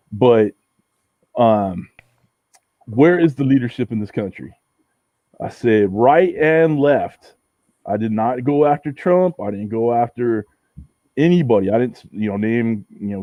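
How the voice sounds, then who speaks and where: A man's voice: mid-range voice, no echo. Profane man telling a story over a muffled call. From Southern California. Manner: profane, animated storytelling, acts out quoted exchanges. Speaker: guest. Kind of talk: casual livestream chat.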